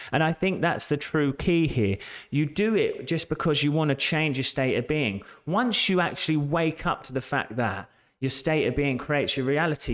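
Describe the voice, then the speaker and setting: Earnest man coaching with emphatic repetition. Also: on the high side. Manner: earnest, emphatic, repeats key phrases. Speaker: life coach. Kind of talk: motivational talk to camera.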